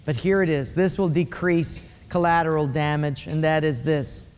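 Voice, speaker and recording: A man's voice: a little high, fairly even intonation, moderate pace, smooth. A male pastor preaching a sermon in a conversational way, speaking directly to his congregation in a church sanctuary. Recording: echoey hall.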